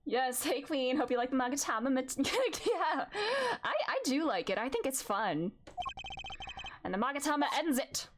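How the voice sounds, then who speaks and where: Lively high-voiced woman streaming a game. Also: normal speed, noisy background. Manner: chatty and excitable, reads game lines aloud. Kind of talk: casual let's-play commentary. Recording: game music loud behind voice. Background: game music.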